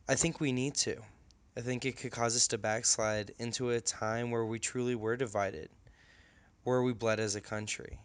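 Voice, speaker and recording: A man's voice: mid-range voice, clear, resonant tone. Earnest man giving a class presentation. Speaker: student presenter.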